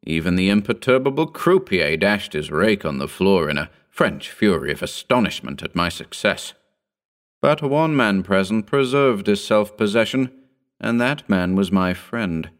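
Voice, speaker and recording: Low-voiced guy reading an old story, calm and formal. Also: measured pace. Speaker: narrator. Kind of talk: audiobook reading of a Victorian story.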